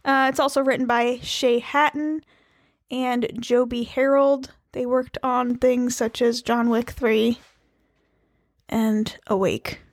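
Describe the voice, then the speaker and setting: A woman's voice: fairly high pitch, little pitch movement, slow pace, dry recording, studio quality. A woman co-hosting a casual podcast, playful and jokey in her delivery. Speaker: podcast co-host. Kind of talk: casual chat.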